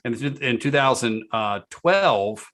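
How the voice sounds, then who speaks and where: A man's voice: mid-range voice, expressive, slow pace, a bit bright. A man from Georgia with a slight Southern accent, answering interview questions in an easygoing, self-deprecating way. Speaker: guest, author and speaker.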